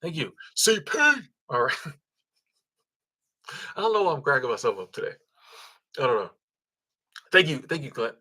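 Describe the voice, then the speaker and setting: This livestream host is very animated, speaking at normal speed and medium pitch with a sharp tone and long pauses. He casually reads viewer comments and thanks supporters, chuckling, umming and restarting frequently.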